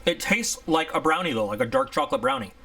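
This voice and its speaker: A man's voice: fairly high pitch, huge pitch swings, fast, creaky, sharp tone. A man giving a casual, rambling unboxing review, chatty and candid. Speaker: product reviewer.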